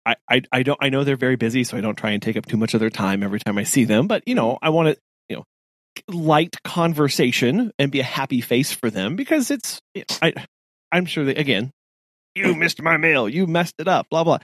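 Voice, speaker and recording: A man co-hosting a podcast, chatting casually in an animated way with frequent laughs and restarts. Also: mid-range voice, a little fast, dry recording, studio quality. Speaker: podcast co-host.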